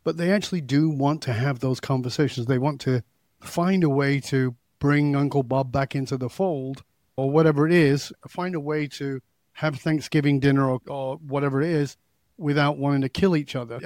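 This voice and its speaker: A man's voice: a little high, a little mellow, no echo. Man hosting, dry close sound. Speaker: host. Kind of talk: podcast interview.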